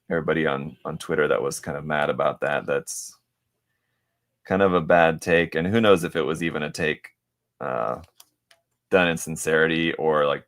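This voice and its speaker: A man's voice: low-pitched, fairly bright tone. A man hosting a live stream while he builds a model kit, chatting casually and answering viewers. He rambles with many fillers and restarts, and now and then mutters to himself as he works.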